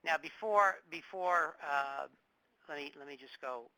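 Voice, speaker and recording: A man's voice: a little high, measured pace, bright, forceful tone, no echo, low-quality recording. A middle-aged man with a New York accent giving a public lecture, emphatic and often repeating words as he searches for the next one. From New York metropolitan area.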